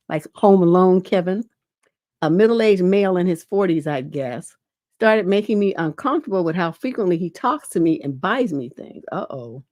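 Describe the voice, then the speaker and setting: With a lowish, slightly mellow voice, a middle-aged woman coaching viewers on relationships reads their livestream questions and replies in a blunt, casual way, often saying "you know." A lingering cough interrupts her, and the studio-quality audio has no room sound.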